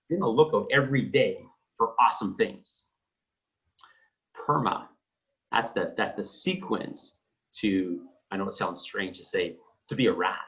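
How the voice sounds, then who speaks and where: A man's voice: fairly low pitch, a little slow, a bit bright. A man coaching realtors, blunt and emphatic, acting out phone calls with clients. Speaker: real estate coach. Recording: dull lo-fi sound.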